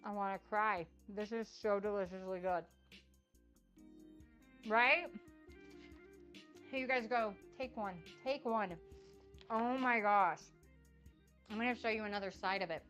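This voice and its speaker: A woman's voice: mid-range voice, measured pace, pauses often, fairly bright tone, soft background music. A young adult woman chatting casually on a cooking livestream, gushing and effusive as she tastes her food. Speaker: cooking streamer. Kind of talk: casual cook-along livestream chat.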